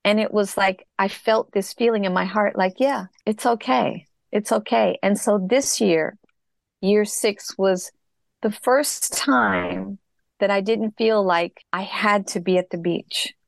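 Earnest woman with a gravelly voice. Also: medium pitch, steady tone, no room sound, studio quality. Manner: reflective, earnest, slow in places. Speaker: guest. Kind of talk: personal story in an interview.

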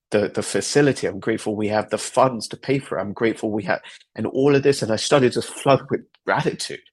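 Gravelly-voiced man telling a personal story. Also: on the low side. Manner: earnest, reflective storytelling with repetition. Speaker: podcast host. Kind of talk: personal story, motivational talk.

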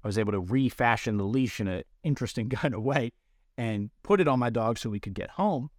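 A man with a medium-pitched, expressive voice moves briskly through dog-training advice on his podcast, explaining things practically through everyday analogies. The recording is dry and close, with no echo or room around him.

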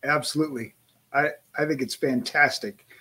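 A man's voice: medium pitch, steady tone, moderate pace, sharp tone, husky. A man hosting a podcast, affirming his guest briefly and asking follow-up questions. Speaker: podcast host. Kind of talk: interview questions.

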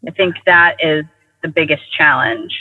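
A man telling personal stories in casual conversation, animated and acting out quoted dialogue. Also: on the high side, normal speed. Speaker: guest sharing personal stories. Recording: tinny phone line with long reverb.

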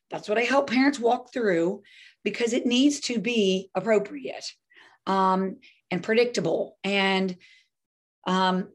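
Woman parenting coach, coaching-session talk, animated delivery, slips into little role-plays. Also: medium pitch. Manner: lively, acts out scenarios with voices.

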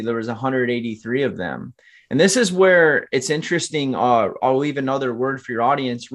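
A man's voice: medium pitch, fairly bright tone. A man in his twenties, a podcast guest, telling his life story in an earnest, motivational way and often turning to the listeners directly. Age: 20s. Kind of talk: candid storytelling interview.

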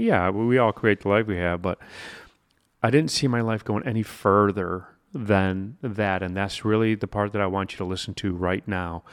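A man's voice: on the low side, smooth, no room sound, clean studio sound. A man hosting a podcast, telling a motivational personal story in a conversational way, with asides to the listener. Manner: conversational, with frequent asides and restarts. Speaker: podcast host.

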